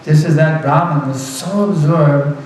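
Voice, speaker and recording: A man's voice: a little high, fairly even intonation, measured pace, darkish tone, very echoey, recorded from a distance, slight background noise, low-quality recording. A man giving a devotional lecture as a spiritual teacher, earnest and repeating words for emphasis, with light laughs.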